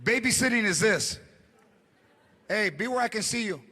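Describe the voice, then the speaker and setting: A male stand-up comedian, telling animated stories live and slipping in Spanish words. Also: sits high, moderate pace, slightly rough. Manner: animated storytelling, mixing in Spanish words, frequent voices. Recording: live stage mic, loud crowd laughter.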